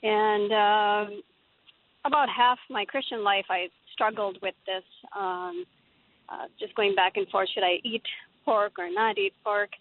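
A woman's voice: medium pitch, animated, a little slow, no echo. A woman from Pakistan calling into a radio show, speaking hesitantly with many ums. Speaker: caller. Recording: tinny phone line.

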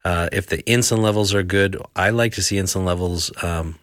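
A man working as a health practitioner on a radio talk show, explaining causes and remedies in a halting way with many fillers and restarts. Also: sits low, fairly bright tone, dry recording, studio quality. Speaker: health practitioner answering listener questions.

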